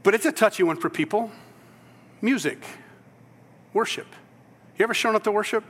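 Pastor, male, high bright voice, animated storyteller, church hall echo. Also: normal speed. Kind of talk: sermon.

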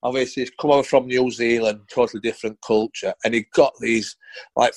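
A man's voice: mid-range voice, no room sound, poor audio. A middle-aged man, a former footballer telling blunt, sweary stories in a casual interview. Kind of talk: casual anecdotal storytelling.

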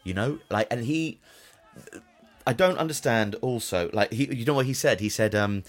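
A man's voice: mid-range voice, normal speed. A man co-hosting a comedic podcast, wry and argumentative, building up little rants. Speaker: podcast co-host. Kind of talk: casual comedic chat.

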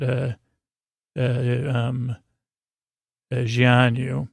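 A man recaps a TV episode on his podcast, stumbling along with many fillers. His voice is gravelly and stays on an even, flat pitch. The recording is dry and close. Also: no room sound. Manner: halting, many fillers, reads quotes flatly. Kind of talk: casual solo recap.

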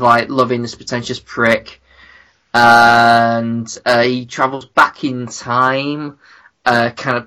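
A man talks through his views on a casual podcast, circling back and repeating words before landing his point. His tone is bright and forceful, and his pitch sits in the middle range. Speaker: podcast co-host.

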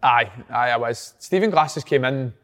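A man's voice: medium pitch, moderate pace, fairly bright tone. A Scottish man chatting casually about football results, with the odd swear word. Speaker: football podcast panelist. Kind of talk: casual chat.

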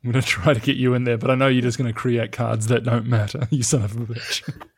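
A man's voice: medium pitch, little pitch movement, quick pace, husky. A man co-hosting a casual podcast, laughing often and swearing playfully as he teases his co-host.

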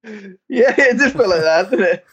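A man's voice: very high voice, expressive, moderate pace, a bit bright, highs cut off. A man co-hosting a casual podcast, blunt and self-deprecating, with some mild swearing. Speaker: podcast co-host. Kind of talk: casual chat.

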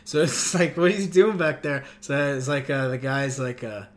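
A man's voice: mid-range voice, moderate pace. A man from Montreal, a comedian guest, telling a rambling, profane, self-deprecating story in casual chat.

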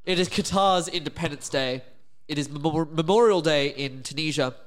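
A man's voice: a little high, normal speed. A playful man co-hosting a podcast in casual chat. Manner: playful, lively, laughing between lines. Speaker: podcast co-host.

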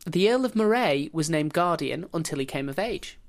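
Woman host, low-pitched, wry and jokey, telling history to a co-host. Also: lively intonation, normal speed. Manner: wry, jokey, breaks into laughter. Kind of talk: casual storytelling chat.

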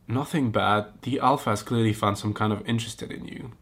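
A man's voice: lowish voice, fairly even intonation, a little fast, fairly bright tone, breathy edge. A man hosting a podcast, reading a romance story aloud and breaking off into giggly, mocking comments. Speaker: podcast host. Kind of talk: comic reaction reading.

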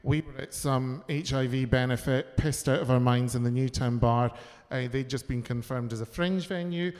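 A man, a chat guest, telling camp, bawdy stories with a quick wit. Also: medium pitch, darkish tone, in a large hall. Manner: camp, bawdy, rapid storytelling. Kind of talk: casual chat.

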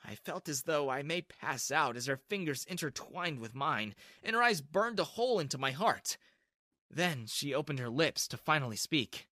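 A man reading a first-person story in a lively, expressive way. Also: on the high side, moderate pace, no room sound, clean studio sound.

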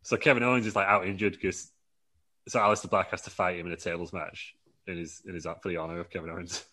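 A man with a fairly low voice, chatting casually on a podcast. He tells a long story in a loose, rambling way, chuckles through it and puts on quick voices for the people in it. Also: fairly even intonation, bright, forceful tone. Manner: rambling, laughing, acting out quotes in put-on voices. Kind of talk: casual chat, pitching a wrestling storyline.

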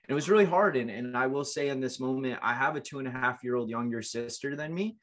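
Speaking quickly in a mid-range, fairly bright voice, a late-twenties man recounts his life as an interview guest. His delivery is earnest and emotional, with frequent restarts.

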